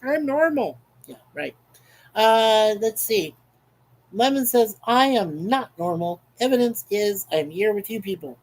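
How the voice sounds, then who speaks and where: Guy on a home livestream, reading chat out loud, playful and chatty. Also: high voice, expressive, a little slow. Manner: reads viewer comments aloud, chatty and playful. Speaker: livestream host. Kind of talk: casual live chat. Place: home in Canada.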